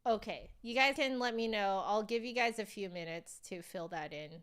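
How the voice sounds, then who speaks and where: A woman's voice: medium pitch, moderate pace, fairly bright tone, clean tone. A woman hosting a flute livestream, chatting casually with viewers, laughing often and filling with "like" and "um". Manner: chatty, giggly, reads chat aloud; fillers, self-correcting.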